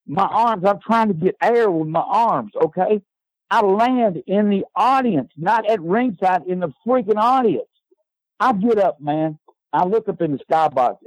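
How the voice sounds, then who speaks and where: An older man, a guest and former wrestling manager, telling lively anecdotes and often ending his lines with "man". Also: high voice, no room sound, rough recording.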